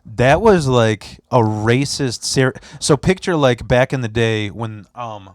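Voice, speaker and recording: A young man hosts a podcast in a casual, rambling way, cursing freely as he tells stories. His pitch sits in the middle of the range. The recording is dry and close, with no room sound. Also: expressive, slow, no echo. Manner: loose, rambling, profane storytelling with put-on voices. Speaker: podcast host.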